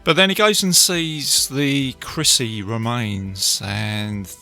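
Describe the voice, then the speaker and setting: A man hosting a podcast, casually retelling a film with animated asides to his listeners. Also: medium pitch, takes it slowly, gravelly, faint music behind. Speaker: podcast host reviewing a film. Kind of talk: casual film review talk.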